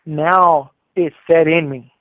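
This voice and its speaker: A man talks through a tinny, phone-thin line, his voice sitting a bit high and the sound dry and close. He rambles through his story in casual street slang, stopping for fillers and restarts. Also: fairly even intonation, slow pace, no echo. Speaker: caller telling his prison story.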